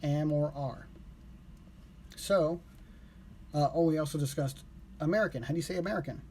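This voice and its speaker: Man, casual live streamer, loose rambling delivery with self-corrections; mellow tone, faint background noise. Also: on the high side, moderate pace. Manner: relaxed, rambling, corrects himself aloud. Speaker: live streamer learning Japanese.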